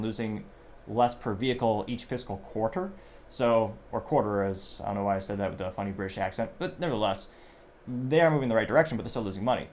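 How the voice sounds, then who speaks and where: A man's voice: medium pitch, a little mellow, a little hiss or hum. A male host giving casual news commentary, rambling and correcting himself as he reads business stories aloud.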